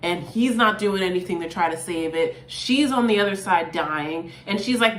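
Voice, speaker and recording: A woman's voice: mid-range voice, normal speed, hardly any pauses, reverberant. A woman hosting her own channel, talking casually and expressively through song lyrics with lots of "like"s. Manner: chatty, expressive, many "like"s. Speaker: YouTube host reacting to song lyrics.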